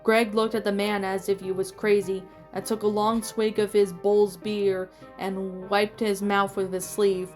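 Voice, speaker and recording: A woman reading a fan fiction story aloud in a steady storytelling voice with small slips. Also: mid-range voice, unhurried, few pauses. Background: faint music.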